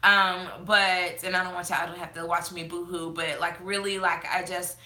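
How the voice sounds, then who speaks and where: A woman's voice: on the low side, level tone, moderate pace, pushed and bright, echoey room. A woman chatting casually on a live stream, reading viewer comments with many fillers, tearful and fighting back crying. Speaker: beauty vlogger hosting a live chat.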